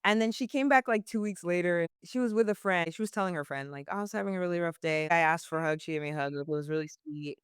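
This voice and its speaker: Chatty young woman barista, lower voice. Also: quick pace, few pauses, smooth, dry recording, clean studio sound. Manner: chatty, many "like" fillers, laughs often. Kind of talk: casual interview answers.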